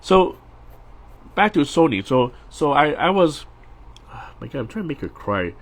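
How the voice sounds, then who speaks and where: A man's voice: on the high side, sing-song, unhurried. A middle-aged man, a storyboard artist, chatting casually and rambling while he draws on a live stream, with frequent restarts and laughs.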